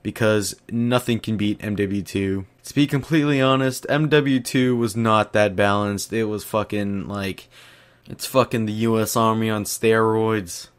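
A man's voice: fairly low pitch, steady tone, unhurried, clear, resonant tone. Young man in a profane comedic rant. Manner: profane, exaggerated ranting. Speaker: YouTuber.

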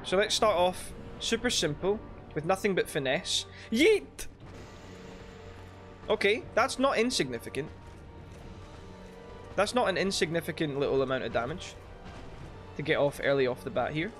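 A man giving let's play commentary, swearing and shouting frustrated outbursts at the game. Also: on the high side, lively intonation, moderate pace, faint music behind. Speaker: gaming YouTuber.

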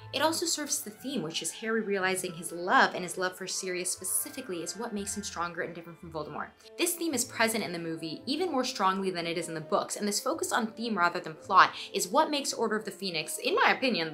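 A young woman hosting a scripted video essay, animated and playful, with quick asides to the viewer. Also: medium pitch.

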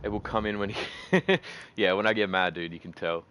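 An Australian man streaming a shooter game in casual commentary, excitable and swearing often as he chats with viewers. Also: fairly low pitch, a little fast, a little hiss or hum. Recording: loud gunfire over the voice. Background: loud game gunfire and explosions.

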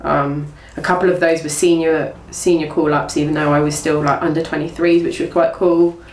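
A woman's voice: low voice, flat delivery, normal speed, a little mellow. A young woman, a former athlete from England, retelling her career in a casual interview, with many restarts and quoted speech. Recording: echoey room, voice from far off, faint room noise.

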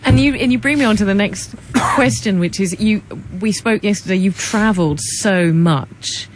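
A woman's voice: medium pitch, normal speed, slight background noise. A woman co-hosting a radio show, asking rambling questions and laughing easily. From England. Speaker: radio co-host.

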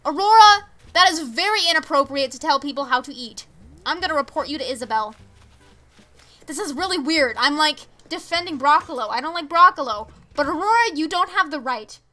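A woman's voice: sits high, expressive, a little fast, pushed and bright. A teenage girl streaming a life-sim game, chatting casually with viewers and reacting to the villagers. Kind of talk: casual live-stream chat while gaming.

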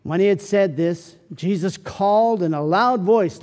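A man preaching a sermon as pastor, dramatic, moving between loud pleading and a soft, slow hush. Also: high voice. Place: church sanctuary. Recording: church hall with long reverb.

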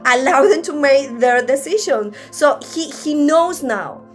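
Woman preacher, high voice, conversational sermon, faint music behind. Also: expressive, measured pace. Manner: conversational with frequent restarts. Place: church service.

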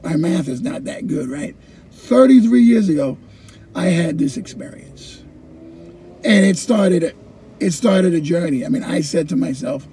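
A middle-aged man, a former ESL teacher, telling his personal story in an animated way, repeating phrases and acting out his own past thoughts. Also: sits high, measured pace, slight background noise.

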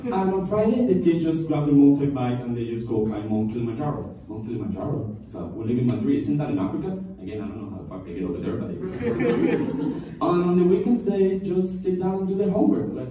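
A young man from Cuba doing a stand-up comedy routine, telling stories with deadpan punchlines and chuckling at his own jokes. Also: mid-range voice, brisk. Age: young adult. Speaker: student comedian. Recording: echoey room from far off, faint ambience.

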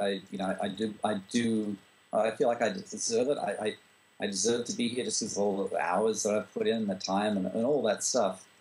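A screenwriter and director from Australia, answering interview questions in a relaxed way, with frequent fillers and restarts. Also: male voice, fairly low pitch, rough recording. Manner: relaxed, full of "you know" fillers and restarts.

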